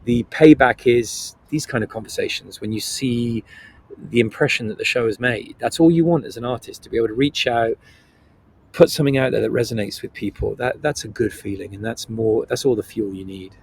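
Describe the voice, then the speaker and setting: A middle-aged Welsh man, from Wales, with a Welsh accent, talking as a guest on a podcast interview. He is earnest and reflective, and he turns playful when he tells stories from behind the scenes. His voice sits at an ordinary middle pitch for a man. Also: brisk, creaky, slight background noise. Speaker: guest actor.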